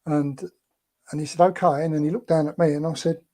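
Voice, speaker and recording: Chatty man with a mellow voice. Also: a little high, flat delivery, a little fast. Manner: chatty and rambling, with many fillers. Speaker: guest, former film extra. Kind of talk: casual anecdote telling.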